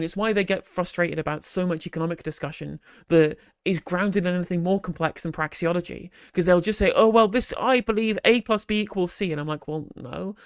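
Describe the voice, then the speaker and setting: A live stream host in casual commentary, rambling and animated, with frequent restarts and sarcastic asides, on a close microphone. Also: mid-range voice, no echo.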